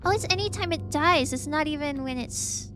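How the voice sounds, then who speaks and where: A high-pitched woman streams a game at a normal speed, game music playing underneath. She talks casually and with excitement, reading on-screen text aloud and every so often lowering her voice to a whisper for an aside.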